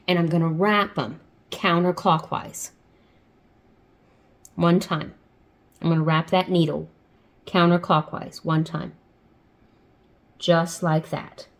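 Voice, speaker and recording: Low-voiced woman patiently teaching a craft. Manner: patient, repeats steps and checks in with frequent "okay?"; chatty and homey, with playful "ta-da". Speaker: crafter teaching sock machine knitting. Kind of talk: step-by-step tutorial.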